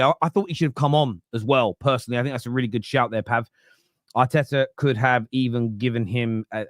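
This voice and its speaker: A man's voice: mid-range voice, no echo, clean studio sound. A man hosting a football fan podcast, chatting casually and sarcastically while reading out viewer comments. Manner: sarcastic, joking, rambling.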